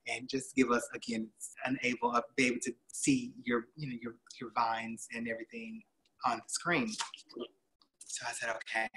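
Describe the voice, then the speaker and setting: Bright-voiced chatty male host. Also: mid-range voice, moderate pace, poor audio. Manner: chatty, laughing, animated retelling. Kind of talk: casual motivational storytelling.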